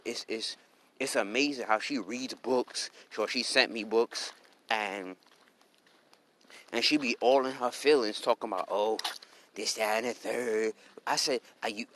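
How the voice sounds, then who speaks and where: A man's voice: medium pitch, sharp tone, slight background noise. A man, an astrologer, venting in a heated, profane monologue straight to the viewer. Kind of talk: ranting vlog monologue.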